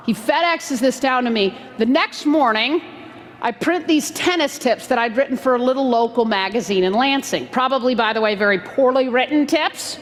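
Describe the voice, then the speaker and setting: A woman giving a motivational keynote talk, telling a story in a lively, conversational way and acting out the dialogue. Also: high voice, a little fast. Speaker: keynote speaker. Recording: long hall reverb, faint noise.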